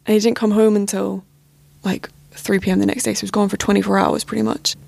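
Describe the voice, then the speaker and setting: Young woman, podcast guest, personal storytelling, candid and hesitant, vocal fry, dry close sound. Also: mid-range voice, flat delivery, fast talker, darkish tone, no echo. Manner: candid, hesitant, lots of "like" and "you know".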